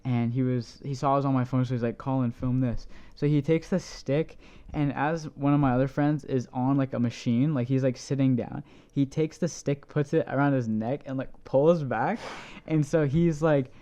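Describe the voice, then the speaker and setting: A man's voice: medium pitch, fairly even intonation, normal speed, warm tone, highs cut off. A young man, a podcast co-host, telling a long story in casual chat, full of "like" and the odd swear. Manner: rambling, many "like"s, swears casually.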